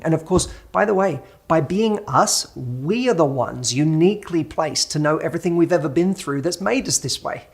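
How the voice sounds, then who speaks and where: A dating coach in his thirties talks the listener through handling anxious thoughts, with an earnest and encouraging tone. His voice sits a little high for a man. He slips into gentle acted-out inner dialogue as he coaches. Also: normal speed, few pauses. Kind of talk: motivational talk to camera.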